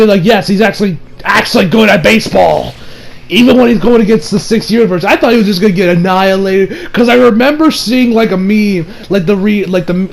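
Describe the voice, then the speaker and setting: A man's voice: high voice, gravelly, poor audio. A man reviewing an anime episode in a rambling, casual way, swearing freely and restarting his sentences. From United States. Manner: rambling, profane, many fillers and restarts.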